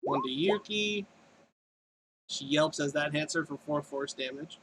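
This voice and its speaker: Man, dungeon master, higher voice, faint hiss, thinks aloud. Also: unhurried. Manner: rolls out damage, thinks aloud. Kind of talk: narrating a tabletop game.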